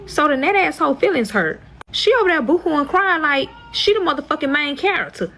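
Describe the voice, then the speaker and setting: A woman's voice: sits high, lively intonation, brisk, fairly bright tone, slight background noise, rough recording. A young woman telling a storytime in a profane, exasperated, dramatic way. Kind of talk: storytime vlog.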